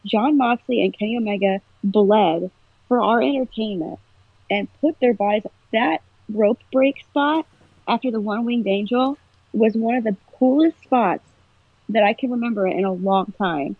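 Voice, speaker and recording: A woman with a somewhat high voice speaks at normal speed, with no room sound. She's chatting casually on a podcast, telling a story with emotion and animation, her husky voice coming through a tinny, phone-like line.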